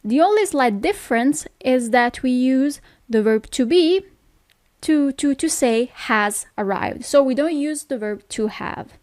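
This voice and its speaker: Slow-speaking Italian woman language teacher. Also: high voice, animated, darkish tone, dry recording, studio quality. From Italy. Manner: patient, repeats each phrase slowly, checks in with "okay?". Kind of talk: slow language lesson with repeated phrases.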